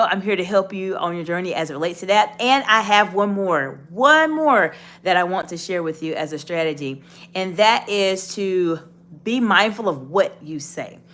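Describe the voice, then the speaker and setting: A woman delivers leadership coaching straight to camera, encouraging and instructive, in a medium-pitched voice with a fairly bright tone.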